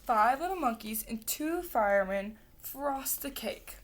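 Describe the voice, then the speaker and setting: A woman reading a children's picture book aloud in a gentle, expressive way. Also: a little high, unhurried, a little hiss or hum. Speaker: reader. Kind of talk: children's storybook read-aloud.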